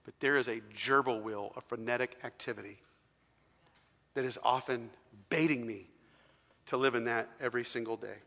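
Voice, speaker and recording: A man's voice: medium pitch, moderate pace, long pauses, sharp tone. A man preaching a sermon in a large church hall, talking to the congregation conversationally and asking them questions. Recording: long hall reverb.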